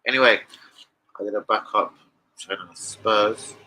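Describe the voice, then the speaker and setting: A man rambling casually to camera as a football betting vlogger, sweary and excitable. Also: on the low side, unhurried, heavy background noise.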